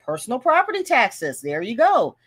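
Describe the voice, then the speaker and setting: A woman's voice: fairly high pitch, huge pitch swings, moderate pace, slightly rough. A woman hosting a casual budgeting livestream, chatting, laughing and reading viewer comments aloud. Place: home livestream.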